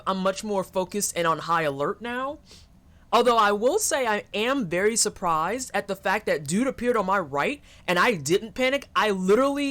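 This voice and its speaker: A streamer joking and swearing through commentary while playing a horror game. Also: mid-range voice. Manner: joking, profane, animated. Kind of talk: live gameplay commentary.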